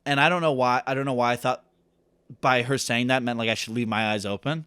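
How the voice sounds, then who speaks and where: A man's voice: mid-range voice, fairly even intonation, quick pace, pushed and bright, clean tone, no echo, clean studio sound. A young man co-hosting a podcast, telling a self-deprecating story in a rambling way full of "like". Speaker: podcast co-host. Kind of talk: casual storytelling chat.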